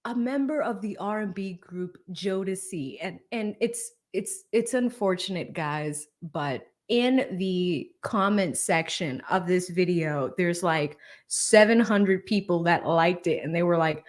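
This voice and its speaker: A woman's voice: fairly low pitch, a little slow, hardly any pauses. A woman hosting a casual livestream, laughing often and reading viewer comments aloud. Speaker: livestream host. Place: Atlanta.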